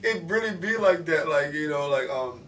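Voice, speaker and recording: A man's voice: a little high, animated, normal speed, a bit bright. A man hosting a reaction video, chatting casually in a laid-back, slangy way, recorded roomy and from a distance. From New York. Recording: roomy, distant mic with faint noise.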